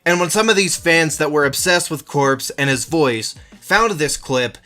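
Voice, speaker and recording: A man's voice: on the high side, lively intonation, measured pace, sharp tone. A man narrating a scripted commentary video, telling the story with a building-suspense delivery. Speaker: YouTube commentary host.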